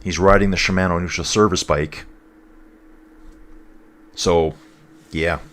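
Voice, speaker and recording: Chatting casually over a live race, a man with a very low, slightly stuffy-nosed voice reads viewer comments aloud as he goes. His tone is steady and a bit bright, and he takes his time.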